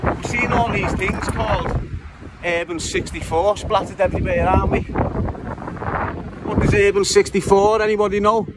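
A man with a strong Liverpool accent and a high voice chats away to his viewers while riding through a city centre, swearing freely. Loud street noise and traffic sit right under his voice. He talks in a loose, running vlog style. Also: fairly even intonation, moderate pace, long pauses. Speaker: vlogger giving a city tour. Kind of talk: casual walking-tour vlog.

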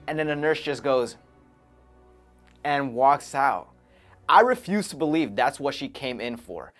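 A man talking casually to camera, reviewing a film in an animated, chatty way with frequent chuckles. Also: medium pitch, unhurried, faint music behind. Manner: animated, chuckling between remarks, conversational. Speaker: movie reviewer. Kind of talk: casual movie review commentary.

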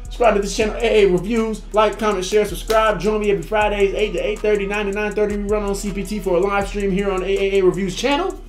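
A young man hosting a reaction video, chatting casually and dropping from a raised voice into low, laid-back asides. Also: steady tone, quick pace, hardly any pauses. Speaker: reaction channel host. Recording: roomy room with music underneath.

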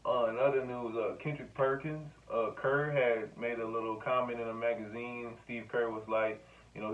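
A man's voice: on the low side, slight background noise. Rambling man, tinny distant sound. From Louisiana. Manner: rambling, profane, talks straight to camera. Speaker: sports vlogger. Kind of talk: casual sports rant to camera.

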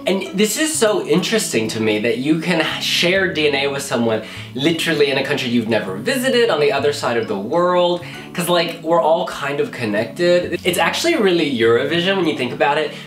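An American man chats in a bouncy voice with big swings in pitch, gushing and exclaiming as he reacts. The sound is roomy and echoey, with faint music underneath. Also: a little fast. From United States. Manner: animated and exclamatory, calls the viewer honey. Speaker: Eurovision blogger. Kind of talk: casual vlog reaction.

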